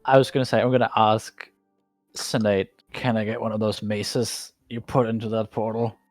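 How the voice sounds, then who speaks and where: A man playing in a tabletop game, halting as he works out his character's actions. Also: lowish voice, level tone, faint music behind. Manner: halting, restarts while deciding actions. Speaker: player. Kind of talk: casual tabletop game chat.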